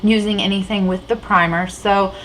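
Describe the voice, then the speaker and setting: Sitting at a table indoors, a woman vlogs about beauty products in casual, rambling chatter packed with fillers and restarts. Her medium-pitched voice is slightly bright, with fairly even intonation and a moderate pace. The audio is poor, with a little hiss or hum.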